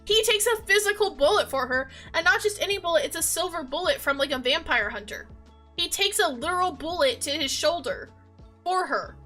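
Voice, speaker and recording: An animated young woman talks casually about a story, emotional and quick to laugh. Her voice is high and bright. Faint music plays behind her. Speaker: video creator. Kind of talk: casual chat.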